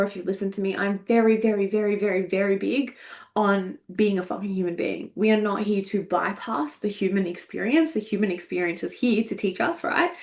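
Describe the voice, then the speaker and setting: A woman's voice: medium pitch, a little mellow. A woman in her forties, a coach, talking candidly and emotionally, swearing freely and laughing at herself. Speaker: energetics coach. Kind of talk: candid casual monologue.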